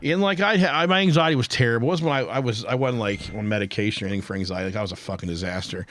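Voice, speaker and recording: A man's voice: fairly low pitch, rapid-fire, fairly bright tone. A man hosting a casual podcast, rambling through a story and swearing often. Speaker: podcast host. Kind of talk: casual chat.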